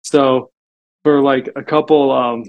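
A man speaks slowly in a steady, mid-range voice, and the recording sounds muffled. As a podcast guest, he tells stories casually in interview conversation, with lots of "like" fillers.

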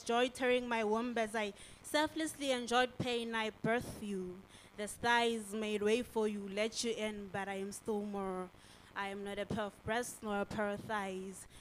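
A woman performs spoken-word poetry, her voice set a little higher than most. She declaims each line rhythmically, leaning into emphasis as the verses build, with faint noise in the room. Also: low-quality recording. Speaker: performance poet. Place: live venue with audience.

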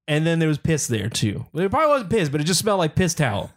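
Young male co-host, slightly high voice, crude animated storyteller, casual chat. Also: fast. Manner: profane, animated storyteller, mimics noises.

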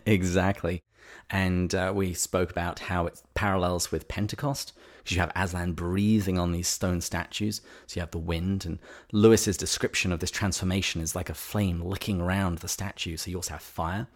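Man, deep voice, podcast co-host, wry, easygoing chat. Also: fairly even intonation, normal speed.

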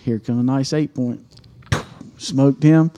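A man's voice: mid-range voice, fairly even intonation, slow, warm tone. A man on a podcast, telling a hunting story casually, swearing and acting out his own reactions. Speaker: podcast co-host.

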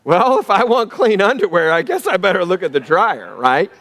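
A man preaching a sermon as pastor, telling a homely story, swinging between loud emphasis and hushed asides. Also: high-pitched, big pitch swings, normal speed, a little hiss or hum. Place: church sanctuary. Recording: long hall reverb.

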